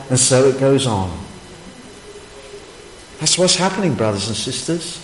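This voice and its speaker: A man's voice: medium pitch, big pitch swings, a little slow, pauses often, a little hiss or hum. A man preaching a sermon, emphatic and full of rhetorical questions. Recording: echoey hall, faint ambience.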